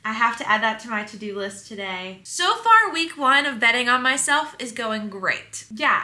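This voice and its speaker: A young woman from North Carolina, a singer-songwriter, chatting excitedly to her camera at home in a bubbly, talkative way. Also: medium pitch. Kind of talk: casual vlog chat. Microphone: camera or phone mic.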